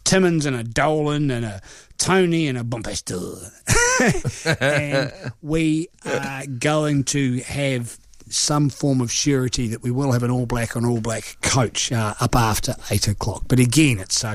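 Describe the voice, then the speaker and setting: Chatty New Zealand sports radio host. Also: male voice, mid-range voice, no room sound, clean studio sound. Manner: chatty, joking and self-mocking, rambling with filler words. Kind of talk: casual live radio chat.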